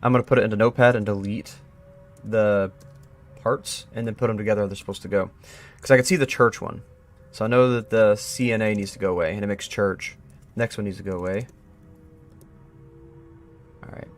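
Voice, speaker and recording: A man's voice: lowish voice, steady tone, brisk, pauses often, faint music behind. A young man on a live stream, reading reports aloud, then chatting casually, laughing and thinking aloud as he works out a code. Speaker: streamer exploring an online mystery.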